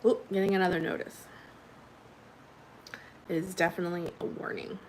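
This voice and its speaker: Sitting indoors by a window at home, the woman runs her casual livestream, reading comments aloud, chatting and laughing often. Her lowish, darkish voice shows little pitch movement at a normal speed. The rough recording carries a little hiss or hum.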